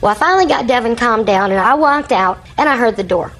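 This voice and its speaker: A woman's voice: on the high side, lively intonation, quick pace, a bit bright, rough recording. An older woman, a grandmother, giving long courtroom testimony as a litigant and rambling through her account while acting out what others said.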